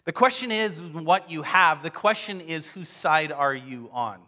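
A man preaching a sermon, telling a scripture story with expressive acted-out quotes. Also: a little high, a little slow. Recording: long hall reverb.

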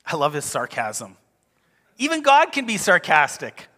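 Animated male pastor with a bright, forceful voice, conversational sermon, reverberant hall sound. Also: a little high, measured pace. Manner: animated, conversational, acts out quotes.

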